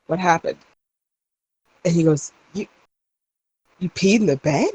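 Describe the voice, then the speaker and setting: Animated woman telling a story. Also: on the low side, measured pace, breathy edge, dry recording, low-quality recording. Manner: animated storyteller acting out quotes. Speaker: podcast co-host. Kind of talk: casual chat.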